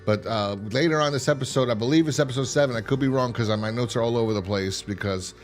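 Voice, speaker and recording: A man hosting a casual TV review, rambling and swearing as he acts out characters' lines in quick voices. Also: medium pitch, faint music behind. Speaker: podcast host reviewing a TV series.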